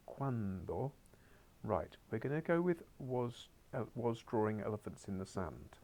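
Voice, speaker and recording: A low-voiced man with a gravelly edge, teaching a beginners' class. He coaxes his pupils through the work, slipping in dry asides and dropping now and then to a muttered whisper. He sounds like he is standing in a school classroom. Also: animated, a little slow, a little mellow. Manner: coaxing, wry asides, drops to muttered whispers. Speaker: Spanish teacher.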